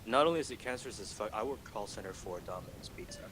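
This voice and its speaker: A man's voice: lowish voice, lively intonation, fast, a loud crowd. A man from Malaysia chatting casually in voice chat, rambling and telling stories. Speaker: call center supervisor. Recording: noisy voice-chat mic.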